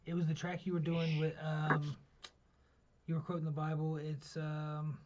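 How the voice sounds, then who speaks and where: A man's voice: a little high, completely flat delivery, normal speed. Laid-back man on a lo-fi podcast mic. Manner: loose, laughing, profane storytelling. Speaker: podcast host. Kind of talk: casual podcast banter. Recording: lo-fi audio with faint noise.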